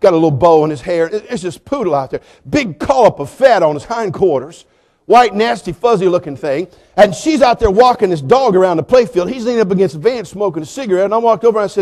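A male preacher with a high-pitched voice tells a story from the pulpit. He moves from hushed, slow asides to loud, shouted moments. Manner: animated storyteller, swings from quiet to shouting. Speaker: pastor. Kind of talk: storytelling sermon.

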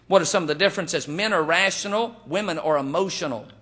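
High-voiced preacher man telling jokes. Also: fast talker, a bit bright. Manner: folksy storytelling with jokes; acts out quoted voices. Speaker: pastor. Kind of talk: humorous sermon.

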